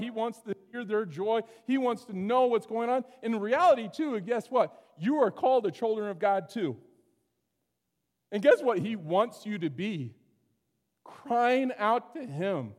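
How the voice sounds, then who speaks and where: A man preaching a sermon as pastor, animated, swinging between loud exclamations and hushed asides. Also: sits high, unhurried. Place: church sanctuary. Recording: long hall reverb.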